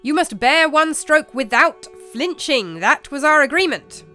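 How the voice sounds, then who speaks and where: A woman voicing a huge, stern male knight who speaks in loud, commanding declarations. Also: on the high side, animated, normal speed, smooth, soft background music.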